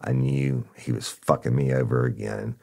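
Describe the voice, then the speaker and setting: A man's voice: wildly swooping pitch, moderate pace, a little mellow. A man, a former narcotics officer telling a true crime story in a blunt, profane way. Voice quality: gravelly, very deep. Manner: blunt and profane, addressing listeners as y'all.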